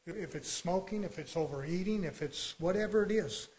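A man preaching a sermon with fervent energy, moving between quiet asides and loud exhortation, telling stories in a folksy, colloquial way. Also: sits high, moderate pace, low-quality recording.

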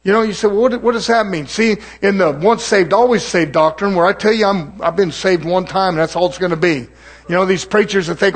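A middle-aged man preaches with a fiery, mocking delivery. He calls out to his congregation, and his voice sits high for a man. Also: brisk. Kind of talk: sermon.

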